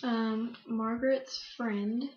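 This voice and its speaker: A woman's voice: fairly high pitch, fairly even intonation, slow, a little hiss or hum. A young woman telling a story in a casual interview, chatty and laughing often, with plenty of fillers. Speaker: guest. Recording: roomy, muffled recording.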